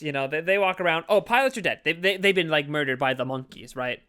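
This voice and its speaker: Bright, clear-voiced man recapping a movie. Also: a little high, fast, hardly any pauses. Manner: rambling, lots of fillers and acted-out quotes. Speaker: podcast co-host.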